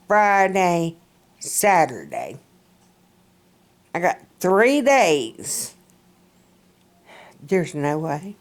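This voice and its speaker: Slow-talking Southern woman, chatty. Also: lowish voice. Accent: Southern US, Alabama. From central Alabama. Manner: chatty, rambling, folksy, laughs often. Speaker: vlogger. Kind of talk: casual rambling vlog chat.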